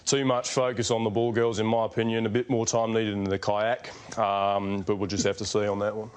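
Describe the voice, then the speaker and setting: A man impersonating a blunt male tennis coach who speaks in a deadpan, matter-of-fact way. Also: lowish voice, brisk, smooth, close to an everyday voice.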